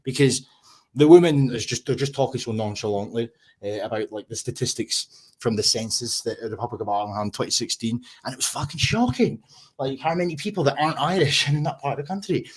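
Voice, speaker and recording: A husky, medium-pitched man with a Scottish accent speaks fairly quickly while hosting a casual livestream chat from a room at home. He rants and swears constantly, sounding agitated.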